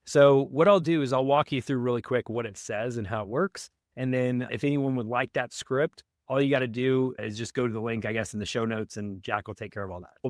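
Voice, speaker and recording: Speaking in a mid-range voice on a clean, echo-free studio recording, this podcast guest from the real estate wholesaling world coaches listeners through cold-calling one step at a time. He stays upbeat and keeps tossing in "right?" check-ins.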